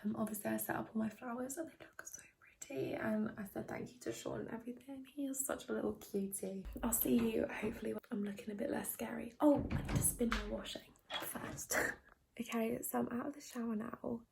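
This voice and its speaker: A young woman vlogging casually from her bedroom into a phone camera, often dropping into a soft, half-whispered chat. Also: on the high side, steady tone, a little fast, gravelly, noisy background. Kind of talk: casual day-in-the-life vlog chat. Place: bedroom at home.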